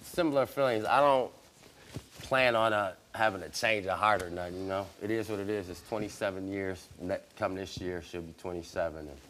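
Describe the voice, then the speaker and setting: A middle-aged man, a talk show guest speaking in halting, rambling bursts that repeat words. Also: low-pitched, steady tone, a bit bright, slight background noise.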